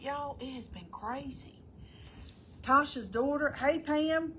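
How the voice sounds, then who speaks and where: A woman's voice: a little high, fairly bright tone, slight background noise. A middle-aged woman chatting casually on a live stream, folksy and talkative, greeting viewers by name as she goes.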